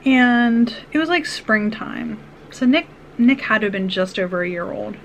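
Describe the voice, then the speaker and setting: A woman's voice: a little high, normal speed, vocal fry, lo-fi sound, a little hiss or hum. Earnest woman vlogger telling a personal story. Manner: earnest, rambling retelling with restarts and asides.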